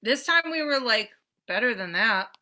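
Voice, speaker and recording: Bright-voiced woman, animated chatter. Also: moderate pace. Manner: animated, swearing, jumps between pitch levels. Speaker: podcast co-host. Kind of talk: casual chat.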